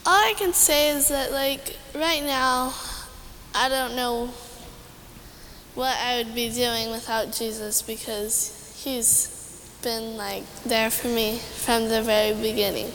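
A woman's voice: on the high side, steady tone, slow pace, a bit bright, long reverb tail, a little hiss or hum, low-quality recording. A young woman answering onstage interview questions shyly and casually, with lots of fillers. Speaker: interview guest. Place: large arena stage.

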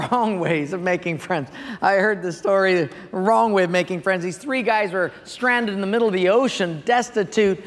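A pastor preaching a sermon, telling stories with animation and asking the congregation questions. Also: male voice, sits high. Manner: animated storytelling, audience questions. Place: church sanctuary. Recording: long church reverb.

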